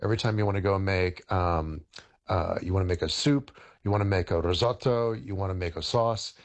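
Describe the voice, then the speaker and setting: A middle-aged man, a historian and chef, explaining cooking on radio in a halting way, with many fillers and restarts. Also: low-pitched.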